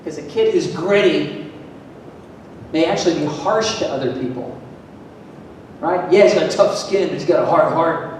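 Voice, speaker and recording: A man from Florida giving a lively, emphatic talk to an audience, asking them questions, heard from a distance in a large hall. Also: moderate pace, long pauses. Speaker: motivational speaker at a school event. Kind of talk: energetic public talk to an audience. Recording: echoey hall, distant mic, faint rumble.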